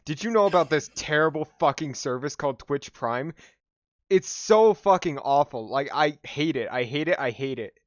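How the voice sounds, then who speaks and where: A man's voice: fairly high pitch, animated, moderate pace, dry recording, highs cut off. A man chatting casually with friends on a live stream, often laughing through his sentences. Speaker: tabletop game player streaming live. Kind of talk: casual banter among friends.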